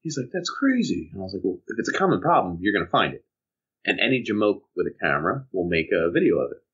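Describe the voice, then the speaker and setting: Fast-talking and low-voiced, this man has a slightly rough sound with the highs cut off, recorded over a video call. He co-hosts a podcast, chatting casually and acting out the characters in his animated stories.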